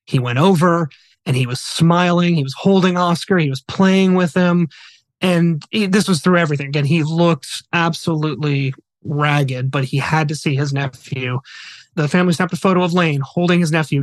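A man's voice: a little high, fairly even intonation, moderate pace, no echo. A man hosting a podcast, retelling a true story in a casual, earnest, conversational way. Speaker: podcast host.

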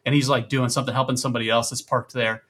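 Bright-voiced man telling an animated story. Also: medium pitch, very fast. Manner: animated, acts out quoted voices loudly. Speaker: podcast guest. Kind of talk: casual storytelling.

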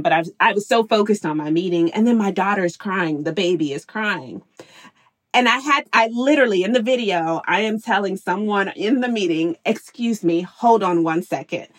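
This is a woman in her thirties telling candid stories about working from home with her kids. She is animated and laughs often, and she acts out what she said back then. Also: fairly low pitch. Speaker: interview guest, working mother. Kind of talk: candid storytelling.

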